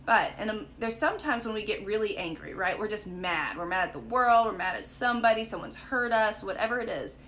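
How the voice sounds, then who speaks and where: Young woman, bright voice, chatty livestream Bible study host, light background hiss. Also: medium pitch, brisk, hardly any pauses. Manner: chatty storytelling with frequent "like" and "right?". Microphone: phone or webcam for a live stream.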